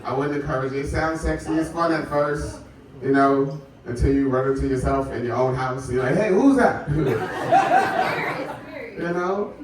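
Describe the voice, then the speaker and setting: A man's voice: medium pitch, a little slow. A man doing a stand-up set at a live comedy show, conversational and laughing through his jokes. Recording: echoey room from far off, loud noise.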